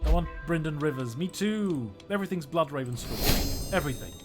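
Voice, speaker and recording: Man, game streamer, lively swings in pitch, slightly high voice, joking, chatty with viewers, music in the background. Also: fairly quick. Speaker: historian streaming a strategy game. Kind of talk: casual livestream commentary.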